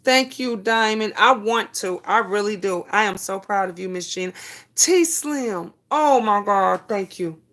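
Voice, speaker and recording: Woman, 50s, live-stream host. Relaxed chat, answers viewers, average pitch. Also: a little slow. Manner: chatty, reads viewer comments aloud and answers them.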